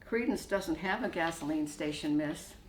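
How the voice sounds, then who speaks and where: Courteous young Irishman, old-fashioned manners, read by a woman, lowish voice, echoey room. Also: moderate pace, slight background noise, lightly acted. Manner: polite, courteous, calls her miss.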